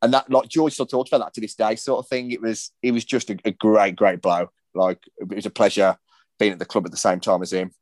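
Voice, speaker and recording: A man's voice: lowish voice, flat delivery, a little fast, darkish tone, no room sound. Dry-sounding man telling stories. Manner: anecdotal, rambling storytelling with restarts. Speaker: podcast host. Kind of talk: casual chat.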